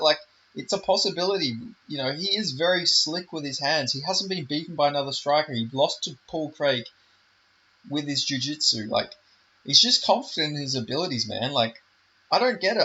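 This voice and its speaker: A man's voice: fairly high pitch, bright, forceful tone, lo-fi sound, slight background noise. A man giving a heated, profane casual rant about fighters, full of fillers and swearing. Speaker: MMA commentary YouTuber.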